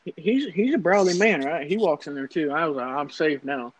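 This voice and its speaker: A man's voice: on the high side, brisk, slightly rough. A young man telling a rambling, profane story to friends in casual chat. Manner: profane, rambling, animated anecdote. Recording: noisy casual recording.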